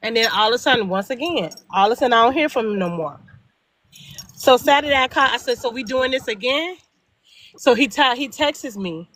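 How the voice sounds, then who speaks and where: High bright-voiced middle-aged woman storyteller. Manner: animated, acts out both sides of dialogue; emphatic repetition. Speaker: guest storyteller. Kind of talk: casual storytelling chat.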